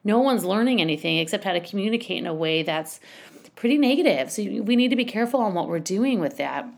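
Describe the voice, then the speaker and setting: Chatty woman with slight gravel. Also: medium pitch, lively intonation, quick pace. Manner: chatty, rambling, many restarts and asides. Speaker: parenting coach. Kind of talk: casual advice talk.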